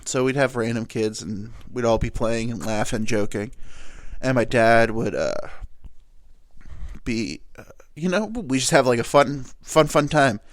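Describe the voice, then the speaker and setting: A young man with a medium-pitched voice speaks at a measured pace, sounding nasal and teary as if he has just cried. As a podcast host, he tells a rambling personal story full of fillers and self-corrections in a casual monologue. The studio-quality recording is clean, with no room sound.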